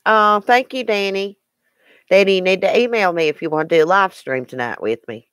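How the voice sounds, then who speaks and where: A woman's voice: medium pitch, a little fast, fairly bright tone, smooth, dry recording, clean studio sound. A woman with a Southern American accent hosting a casual live stream, chatting and answering viewer comments by name.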